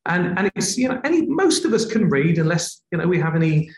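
Male presenter, lively shifts in tone, a touch high-pitched, roomy sound. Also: brisk. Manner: expressive, varies tone for emphasis. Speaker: TV presenter, guest. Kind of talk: explaining presenting technique in a conversation.

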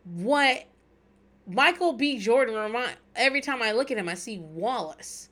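A middle-aged woman hosting a casual chat, talking in an animated, rambling way with plenty of swearing and laughter. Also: on the high side, moderate pace. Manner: animated, profane, laughs often, rambling asides. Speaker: podcast host recapping reality TV.

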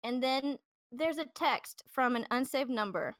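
A woman's voice: high voice, measured pace, dry recording, studio quality. A woman hosting a podcast, telling a true-crime story in a loose, chatty way with plenty of fillers and restarts. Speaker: podcast host. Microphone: podcast microphone.

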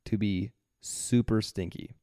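A man's voice: lowish voice, steady tone, unhurried, warm tone, dry recording, clean studio sound. A man co-hosting a podcast, telling a story in casual chat, rambling with restarts and frequent laughter. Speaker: podcast co-host.

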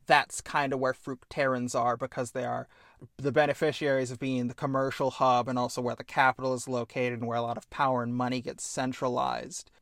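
A man's voice: mid-range voice, flat delivery, fairly quick, vocal fry, a bit bright, no echo, clean studio sound. Rambling, eager male podcast host. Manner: rambling, enthusiastic, self-correcting. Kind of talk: casual explainer chat.

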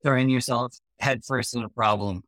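A man playing a tabletop role-playing game, describing his character's actions and speaking for him, with frequent pauses and fillers. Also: mid-range voice, fairly even intonation, a bit bright, no echo, clean studio sound. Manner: slow, halting, many fillers and restarts, laughs often. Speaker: player.

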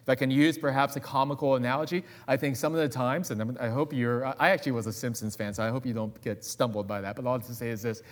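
A man's voice: medium pitch, fairly even intonation, fast, few pauses. A man preaching a sermon as guest pastor in a church, conversational and full of personal asides.

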